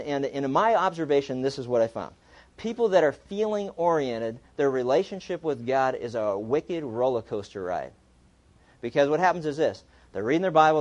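A male pastor preaches in a loose, conversational style, his voice fairly high and a little mellow. He slips into acted voices to play the people in his examples and in the story he reads aloud.

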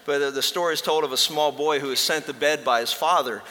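A male pastor with a bright, fairly high voice delivers a sermon, spinning funny anecdotes and acting out the characters loudly. His voice rings out with a long reverb from a big church hall. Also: fast. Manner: jokey storytelling, loud acted voices for characters. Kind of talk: sermon with humorous stories.

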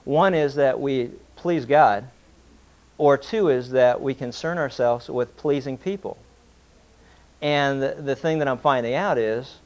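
A man preaching a sermon in a folksy, conversational way, telling a humorous story to his congregation. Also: medium pitch. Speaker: pastor.

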